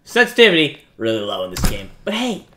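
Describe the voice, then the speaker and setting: A young man giving jokey, self-mocking let's-play commentary on a horror game, yelping and shouting at the scares. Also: mid-range voice, wildly swooping pitch, fairly quick. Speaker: gaming YouTuber.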